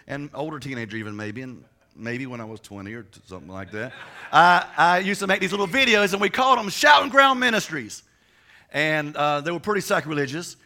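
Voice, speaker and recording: A young male pastor tells stories from the pulpit, often stumbling and restarting his sentences. His voice is bright and sits a little high, and his delivery is informal and conversational. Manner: chatty storytelling with many restarts. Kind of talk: sermon.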